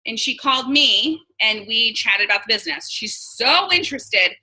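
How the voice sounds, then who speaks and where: Woman, 30s, from New York, blunt and chatty team coach, bright and fairly high voice. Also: expressive, normal speed, breathy edge, rough recording. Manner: chatty, blunt, acts out quoted dialogue. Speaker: direct sales team leader. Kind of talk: casual coaching talk on a live video.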